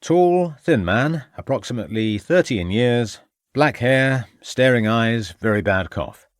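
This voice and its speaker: A man's voice: medium pitch, animated, measured pace, no room sound, clean studio sound, natural voice. A man voicing a formal, insistent police inspector in a crime audiobook. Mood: probing. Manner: formal, precise, insistent questioning. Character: sharp, probing male police inspector.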